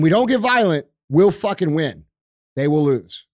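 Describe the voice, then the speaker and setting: A man with a somewhat high voice rants hard and swears constantly as a podcast co-host. The sound is dry and close, with no room around it. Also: big pitch swings, moderate pace, darkish tone, dry recording. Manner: profane, emphatic ranting. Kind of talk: heated casual talk.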